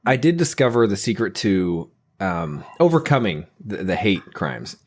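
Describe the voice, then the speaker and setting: A man co-hosting a comedy podcast, deadpan and teasing. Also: fairly low pitch, normal speed, vocal fry. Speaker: podcast co-host. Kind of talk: casual comedic podcast chat.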